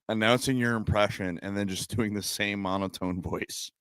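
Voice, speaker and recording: A man's voice: lowish voice, steady tone, moderate pace, hardly any pauses, a bit bright, clear, resonant tone, dry recording, studio quality. A young adult man hosting a casual livestream hangout, talking in a laid-back, profane way and laughing often. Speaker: livestream host.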